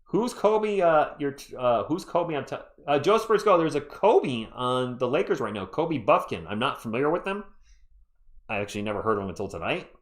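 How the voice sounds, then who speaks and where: A man hosting a live fan play-by-play stream, chatty and excitable, reading and answering viewer chat as he calls the game. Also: medium pitch, moderate pace. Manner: excitable, voice jumps up when thrilled.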